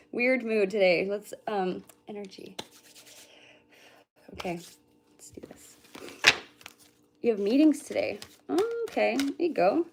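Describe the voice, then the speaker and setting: A woman hosting live psychic readings, talking with her chat at an everyday middle pitch. She greets viewers one by one and fills the pauses by humming and murmuring to herself. The tone stays relaxed and conversational. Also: vocal fry, background noise. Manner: chatty, greets viewers by name, hums and mutters to herself between readings. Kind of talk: casual livestream chat with viewers.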